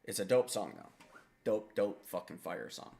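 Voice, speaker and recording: A man's voice: lowish voice, very animated, normal speed, creaky, dark tone, husky. A man hosting a music reaction video, talking in a laid-back, rambling and profane way. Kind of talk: casual album reaction commentary.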